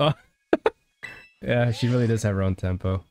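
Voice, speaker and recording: A man's voice: lowish voice, measured pace, pauses often, a little mellow, no room sound. A man casually commentating a video game let's-play, joking and reading dialogue aloud. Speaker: gamer.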